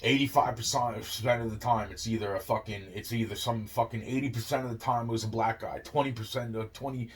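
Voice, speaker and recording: A man's voice: medium pitch, fairly even intonation, brisk, hardly any pauses. A young man telling a long rambling story, swearing constantly and looping on filler phrases. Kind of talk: rambling monologue.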